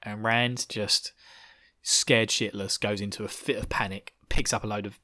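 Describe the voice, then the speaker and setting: A man hosting a podcast, recapping a book in an animated, slangy, laughing storytelling manner. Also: lowish voice, moderate pace. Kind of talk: casual chat.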